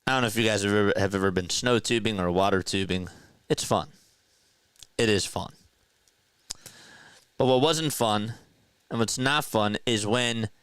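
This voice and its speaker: A young man calls a baseball game live for viewers, easygoing and chatty, laughing between pitches. His voice is a little low and very clear, with an unhurried, slow delivery. He is recorded close to the mic in a dry, dead room. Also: a bit bright, no echo. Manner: casual, laughs often, chats with viewers. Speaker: play-by-play streamer. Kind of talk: live baseball commentary and chat.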